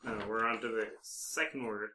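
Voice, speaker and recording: A man co-hosting a podcast, describing charades gestures aloud in a halting running commentary. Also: on the low side, fairly even intonation, pushed and bright, roomy sound. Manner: halting, narrating gestures as they happen. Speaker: podcast co-host. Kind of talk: live play-by-play of charades.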